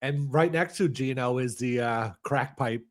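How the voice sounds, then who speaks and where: A man's voice: medium pitch, measured pace. A man co-hosting a comedy podcast from a bar, tossing in dry asides. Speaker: co-host.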